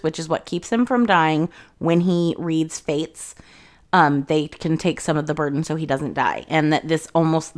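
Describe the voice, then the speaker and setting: Sarcastic young woman recapping a book. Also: fairly low pitch. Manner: sarcastic, profane, chatty. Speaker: book reviewer.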